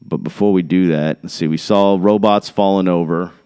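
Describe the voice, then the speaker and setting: A man's voice: deep voice, steady tone, moderate pace, warm tone, clean tone. A middle-aged man hosting a podcast, rambling casually, jumping between topics and reading definitions aloud off the screen. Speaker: podcast host.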